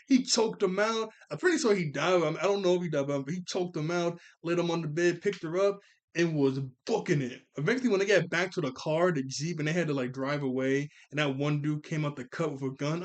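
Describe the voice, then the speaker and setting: Excitable man rambling through a movie recap. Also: sits high. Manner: rambling, excitable, self-correcting. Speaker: movie reviewer.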